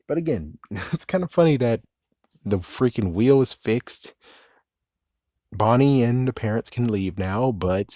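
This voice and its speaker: A man's voice: mid-range voice, dark tone, no room sound, clean studio sound. A man giving a casual movie review as an exasperated, profane rant, often laughing at his own jokes.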